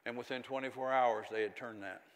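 An older man, a pastor telling stories in a sermon and rising to zealous, loud preaching. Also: medium pitch, fairly even intonation, a little fast. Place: church hall. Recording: echoey church hall.

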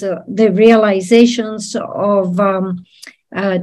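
Woman, Buddhist teacher, unhurried and patient delivery with plenty of ums, mid-pitched voice. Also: a little mellow. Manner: measured, explanatory, with frequent fillers. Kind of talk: dharma teaching talk.

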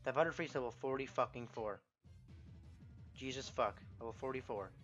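Young man, let's play commentary, excitable and profane, slightly dull sound, faint game music. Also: medium pitch, moderate pace. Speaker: gameplay commentator.

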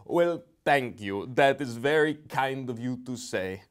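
Man playing a former bodybuilder, North Carolina accent, earnest, formal, unhurried. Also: medium pitch, lively intonation, clear, resonant tone, close to an everyday voice. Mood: earnest polite. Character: polite humble former bodybuilder man with misplaced rage. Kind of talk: improvised comedy interview.

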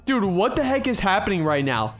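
A young man narrating his game role-play as a gaming YouTuber, excitable and panicky, often shouting and saying "bro" and "dude". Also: sits high, fairly quick, faint music behind.

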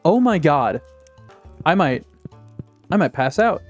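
A man giving casual let's-play commentary, excitable, talking back to the game and swearing often. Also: on the high side, slow pace, soft background music. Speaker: gaming YouTuber.

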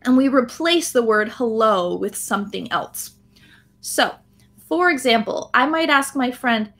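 A woman's voice: a little high, lively intonation, unhurried, fairly bright tone. A woman with an American accent, explaining phrases in a live online English lesson, often checking in with "right?". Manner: frequent "um" fillers. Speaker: English teacher.

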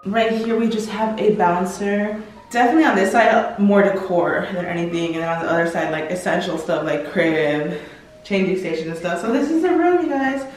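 Excited pregnant woman vlogging in an echoey room. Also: medium pitch, moderate pace, far from the mic. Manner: gushing, emotional, lots of "like". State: heavily pregnant, days from labor. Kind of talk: casual vlog talk to viewers. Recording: roomy echo, mic set back.

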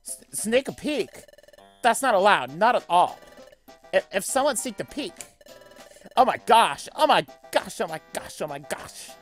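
A man's voice: sits high, big pitch swings, unhurried, faint music behind, pitched above the performer's own voice. A man voicing an easily embarrassed female flower creature in a video game, talking like a Valley Girl. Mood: flustered.

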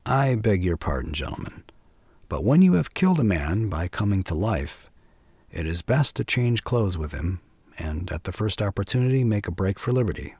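A man's voice: big pitch swings, moderate pace, darkish tone, slightly rough, no echo, full character voice. Man voicing a sly, mad old doctor. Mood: sly, unhinged. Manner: rambling, low and sly with laughs. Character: mad old male doctor, genial then menacing. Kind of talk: audiobook character reading.

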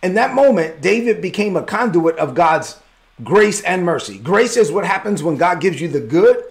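A man pastor preaching a sermon in a lively, conversational way with bits of slang. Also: high voice, moderate pace.

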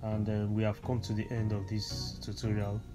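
A man from Nigeria walks through a phone tutorial, pausing often, repeating words and filling gaps with ums. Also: on the low side, completely flat delivery, loud music behind the voice. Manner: hesitant, repeats words, many fillers, instructive. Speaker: tech tutorial presenter. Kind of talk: screen reader tutorial walkthrough.

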